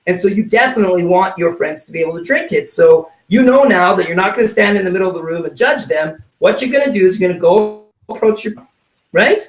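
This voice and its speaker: A network marketing trainer delivers a motivational sales talk from his home office, speaking fast in a high voice. He's animated, acting out little scenes and repeatedly asking "right?", and the mic picks him up from a distance in a roomy space.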